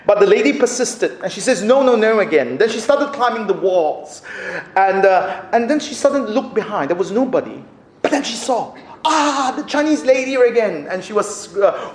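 A man preaching a sermon as a pastor, telling a story in an animated way with big swings from loud to hushed. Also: high voice, reverberant.

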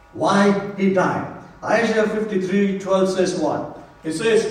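A man preaching a Good Friday sermon, emphatic and repetitive, dropping to a hush for key lines. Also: high-pitched, slow. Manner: emphatic, repeats key phrases, drops to hushed tones. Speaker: pastor. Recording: roomy church sound from a distance.

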